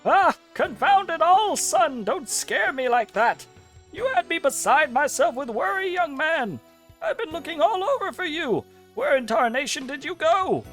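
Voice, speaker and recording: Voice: sits high, lively intonation, unhurried, a bit bright, soft background music, voice pushed up. A streamer voicing a fussy, frantic old grandfather with a folksy, scolding manner while reading game dialogue aloud. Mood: flustered scolding.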